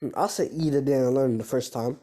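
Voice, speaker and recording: A man improvising a fan-fiction story out loud, rambling and correcting himself, in slangy casual speech. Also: mid-range voice, brisk.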